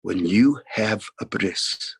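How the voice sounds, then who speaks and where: A man's voice: on the low side, slow pace, vocal fry, husky, no echo. A man telling a story aloud, acting out the dialogue and dropping to a near whisper at tender moments. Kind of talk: spoken storytelling.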